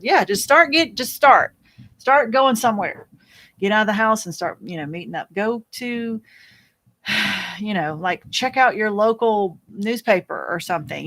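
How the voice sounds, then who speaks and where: A woman hosting a casual live chat, reading viewer comments aloud and answering them in a rambling, fast-talking way with frequent laughs. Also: fairly low pitch, a bit bright. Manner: chatty and rambling, laughs often, many restarts; talks fast by habit. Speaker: host.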